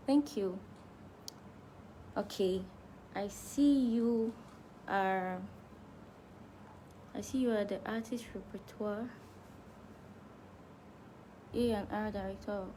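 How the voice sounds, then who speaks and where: A woman's voice: medium pitch, very slow, long pauses, mellow, a little hiss or hum. Chatty Cameroonian woman answering fans. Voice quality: chatty, laughs easily, frequent restarts. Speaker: musician answering fan questions. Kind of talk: casual live Q&A chat.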